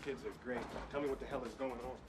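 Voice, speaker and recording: An actor playing a rattled, fast-talking man. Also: medium pitch, fairly even intonation, background noise, lightly acted. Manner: rattled, quick and curt. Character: bewildered man hearing a dog talk.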